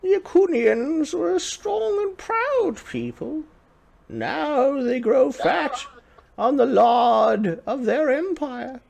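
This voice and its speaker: High old monk voice, creaky, slow and solemn. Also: male voice, expressive, a little mellow, full character voice. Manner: slow, measured pronouncements.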